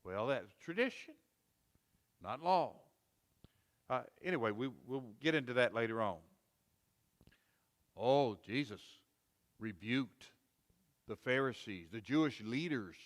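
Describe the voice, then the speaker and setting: A man's voice: mid-range voice, animated, takes it slowly, long pauses, big-room sound. A man preaching a sermon in a folksy, repetitive way, rising to emphatic quoted rebukes. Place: church sanctuary.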